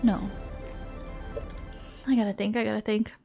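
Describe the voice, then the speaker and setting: A woman's voice: medium pitch, flat delivery, measured pace, gravelly, mellow. A woman streaming a video game live, anxious and swearing as she talks to herself and thanks viewers. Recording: faint music behind.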